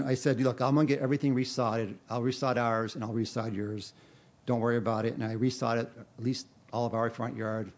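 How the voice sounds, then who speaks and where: A middle-aged man preaching a sermon in a relaxed, conversational way. He often pokes fun at himself and breaks into laughter while he talks. His voice sits at an ordinary male pitch. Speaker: pastor. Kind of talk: sermon with personal story.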